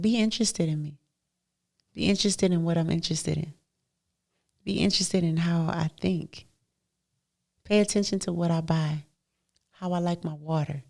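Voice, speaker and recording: A woman hosting a podcast, talking straight to her listeners in a casual motivational monologue, animated and playful, often laughing and swinging between loud and hushed. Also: medium pitch. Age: adult mother. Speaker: podcast host.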